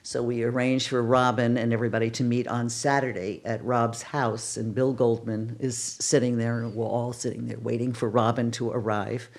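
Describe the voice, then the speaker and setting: A woman's voice: a bass voice, normal speed, hardly any pauses. An older woman, a casting director, telling stories in a podcast interview and acting out the exclamations she quotes. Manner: animated, acts out quoted exclamations.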